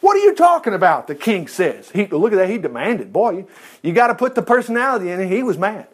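A man teaching a Bible lesson in an animated way, chuckling and making chatty asides. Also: high voice, quick pace, breathy edge.

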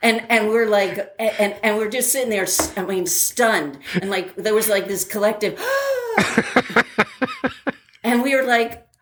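An older woman in a casual interview, telling an animated story with many fillers and laughing at herself. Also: mid-range voice, moderate pace, few pauses, background noise. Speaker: interviewee, former academy track athlete.

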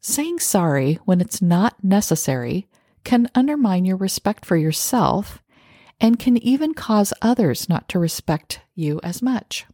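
A woman hosting a podcast, giving calm self-help advice and acting out short example phrases. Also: mid-range voice, unhurried, dry recording, clean studio sound. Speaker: podcast host.

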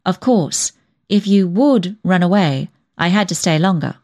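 A woman with a natural, somewhat low, darkish voice reads audiobook dialogue at a measured pace. She voices a gentle, loving young man who is steady and kind, speaking tenderly and soothingly.

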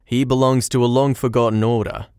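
A man's voice: medium pitch, level tone, a little fast, a little mellow, clear, resonant tone, no echo, studio quality, lightly acted. A man voicing a hearty, worldly male distiller who tells old legends and gives warnings to a friend. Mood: grave.

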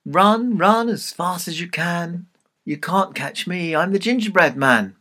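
A man's voice: on the high side, slow, vocal fry, bright, forceful tone, full character voice. A man voicing a cheeky little gingerbread man who chants a sing-song taunt as he runs away.

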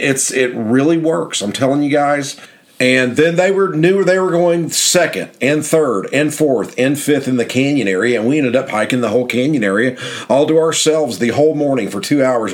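A middle-aged man hosting a podcast, telling stories in a casual, rambling, enthusiastic way. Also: medium pitch. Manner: rambling, enthusiastic, repeats words and restarts. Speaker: podcast host and guidebook author. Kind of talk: casual storytelling monologue.

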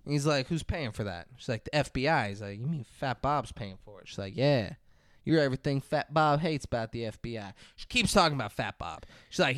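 Male podcast co-host, mid-pitched, dry close mic, tells movie plots with acted-out lines. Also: brisk, no echo. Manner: animated storytelling, acting out characters, profane. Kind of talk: casual movie recap chat.

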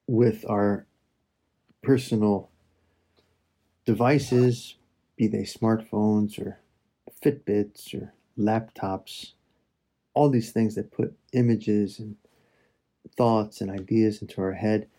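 A man leading a slow, reflective spoken prayer meditation, addressing God and his listeners with soft pauses. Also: fairly low pitch, fairly even intonation.

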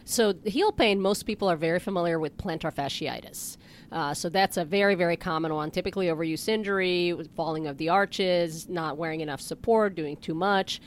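A woman podiatrist, a guest on a health talk show, explaining foot problems in a relaxed, plain way with easy laughs. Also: on the low side, fairly quick, a little hiss or hum. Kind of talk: casual interview talk.

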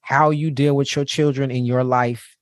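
Podcast host, man, mid-pitched voice, heartfelt storytelling, dry close mic. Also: little pitch movement, normal speed, dry recording. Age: adult parent. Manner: candid and heartfelt, repeats words for emphasis. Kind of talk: personal storytelling monologue.

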